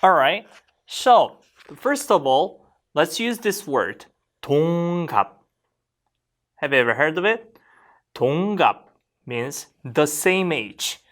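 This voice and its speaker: A Korean language teacher walks learners through grammar in an animated voice that rises and falls a lot. The teacher keeps checking in with quick questions and says the example phrases carefully so they can be copied. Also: medium pitch. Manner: models Korean phrases slowly for learners to repeat; lively, questioning classroom delivery.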